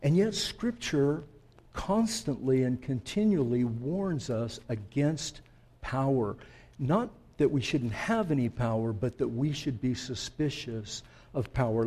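Male pastor preaching, takes his time, warm dark voice, talks right to the folks. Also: medium pitch. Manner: unhurried, storytelling, addresses listeners directly. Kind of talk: sermon.

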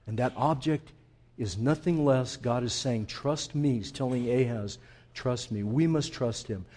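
A man preaching a conversational sermon, calling listeners folks and swinging from quiet intensity to loud emphasis. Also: mid-range voice, unhurried. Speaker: pastor.

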